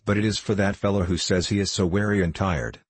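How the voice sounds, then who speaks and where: A man's voice: deep voice, fairly even intonation, brisk, slightly rough, dry recording. Man reading a grumbling prison governor. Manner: complaining, long-winded. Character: grumbling middle-aged male prison governor, self-satisfied. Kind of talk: audiobook dialogue reading.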